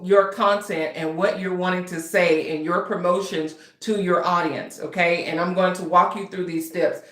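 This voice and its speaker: An author and writing coach hosts her own channel, chatting casually and a little nervously with viewers on a livestream. Her voice sits fairly low, and the room has an echo.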